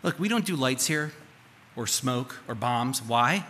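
Here a man preaches as pastor inside a church sanctuary, speaking casually and questioning the congregation. He has a mid-range, expressive voice with a sharp tone and an unhurried delivery. The recording carries the reverb of a live church hall plus faint room noise.

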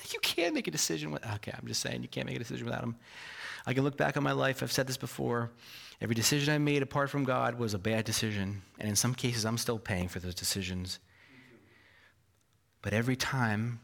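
A man's voice: mid-range voice, fairly bright tone. Male pastor mid-sermon; emphatic, asks the room questions, pokes fun at himself. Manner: self-deprecating asides.

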